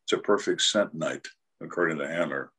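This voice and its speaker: A man's voice: very deep voice, a little fast, a bit bright, slightly rough. An older man, a retired homicide detective, telling cases as an interview guest in a blunt, dry and dramatic way. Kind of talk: storytelling interview.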